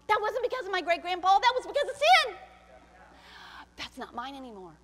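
A woman pastor preaching a sermon, swinging from soft, confiding lines to shouted ones and acting out the voices she quotes. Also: very high-pitched, big pitch swings, fairly quick, heavy background noise. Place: church sanctuary. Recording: church hall with long reverb.

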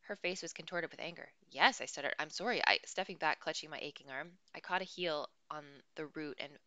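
Low, bright woman reading a novel. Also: fairly quick, dry recording. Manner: expressive, dry first-person narration. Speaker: audiobook reader.

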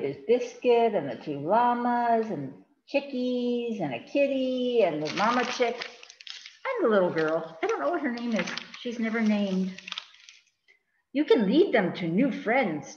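A woman librarian reading a picture book aloud to children in an animated, chatty way, asking them questions, in front of a green screen. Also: mid-range voice, reverberant, highs cut off, background noise.

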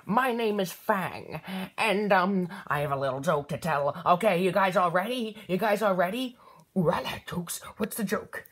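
Woman playing a husky joke-telling bird lady. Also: fairly low pitch. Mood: smug, teasing. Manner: drawn-out, pleased with her own joke. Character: female pet bird, corny joke teller.

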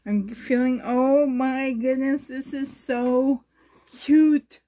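A woman talks through a gift unboxing in a vlog, gushing with breathy exclamations and sounding emotional and a little shaky. Her voice sits high but mellow, and she draws every word out very slowly. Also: fairly even intonation. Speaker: reborn doll collector vlogger.

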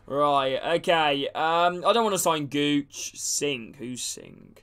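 A man's voice: a little high, slow pace, fairly bright tone, clear, resonant tone. A man casually commentating a game stream, chatting with viewers and calling them by name. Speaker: gaming streamer.

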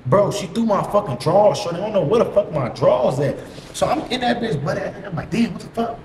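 A young vlogger with a high-pitched, lively voice tells a story quickly in a casual monologue packed with slang, profanity, and catchphrases he keeps repeating. The room is echoey, with a faint hiss underneath.

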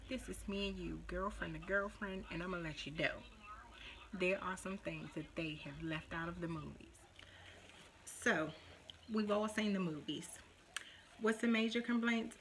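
Animated young woman chatting to camera. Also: fairly low pitch, moderate pace, slight background noise. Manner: animated, dramatic, mock-quoting others. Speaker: vlogger. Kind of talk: casual chat to camera.

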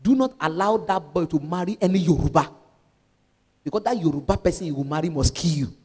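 A woman with a Nigerian accent voicing a solemn male fortune-teller who warns of doom in a low, hushed voice. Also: lively intonation, fairly quick, husky, in a large hall. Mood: ominous.

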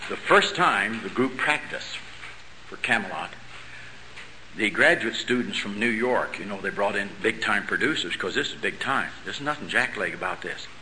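A man's voice: on the low side, expressive, normal speed, bright, forceful tone, a little hiss or hum, poor audio. A middle-aged man giving a lecture-style sermon, emphatic, hammering key words and dropping rhetorical questions and dry joking asides. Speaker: convention speaker.

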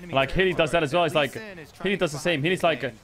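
A man streaming a match, reacting with excited commentary, swearing and laughing often. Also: fairly high pitch, fast.

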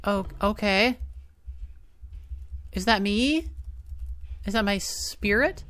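A woman's voice: medium pitch, slow, a bit bright, no echo. A woman playing a horror video game and commenting casually, easily startled, laughing nervously and repeating herself. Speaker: let's-play gamer.

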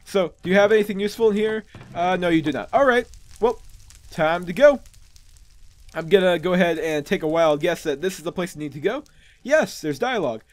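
A man's voice: high voice, lively intonation, a little fast, dry recording. A man hosting a gaming channel, giving casual, rambling, self-amused commentary as he plays.

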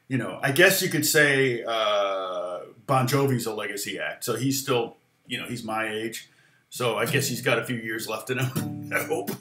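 Man around sixty, rambling guitar-teacher chat, bright tone, roomy studio with guitar behind. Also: medium pitch. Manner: rambling, laughs often, talks with guitar playing. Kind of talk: casual music lesson chat.

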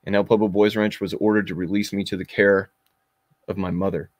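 A man's voice: deep voice, flat delivery, fairly quick, dry recording, clean studio sound. A man in his forties, a podcast guest, bluntly and intensely recounting his own past with frequent fillers. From Kentucky. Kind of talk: personal storytelling.

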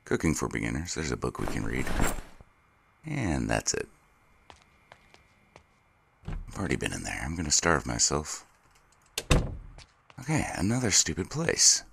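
Very deep gravelly male gamer. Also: very animated, moderate pace, pauses often, fairly bright tone, slight background noise. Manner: grumbling, talks to himself while playing. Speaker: gaming YouTuber. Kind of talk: casual gameplay commentary.

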